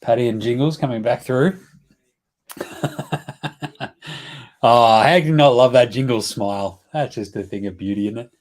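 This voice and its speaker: A man's voice: medium pitch, moderate pace, long pauses. An Australian man hosting a casual live stream about a basketball game, joking and chatty as he talks to his baby. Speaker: host.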